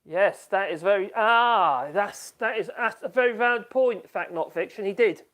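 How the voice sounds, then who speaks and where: In a high, somewhat bright voice at a moderate pace, a man streams live from his home workshop. The chat is casual and loose, full of laughter as he reads viewer comments out loud and responds.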